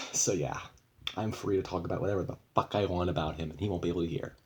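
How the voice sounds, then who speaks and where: Low-voiced young man venting, profane. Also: fairly even intonation, fast talker. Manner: rambling, profane, frustrated. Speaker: vlogger. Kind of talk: casual venting vlog.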